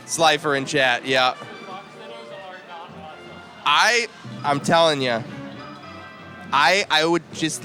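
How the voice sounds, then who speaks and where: Man, bright animated voice, play-by-play commentator, faint music behind. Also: fairly high pitch. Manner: chatty, laughing, theorizing. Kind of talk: live esports commentary.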